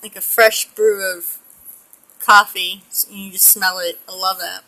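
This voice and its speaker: Chatty bright-voiced middle-aged woman. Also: medium pitch, steady tone, unhurried, low-quality recording. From United States. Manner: chatty, rambling, laughs often. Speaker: pet portrait artist. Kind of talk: casual chat while painting.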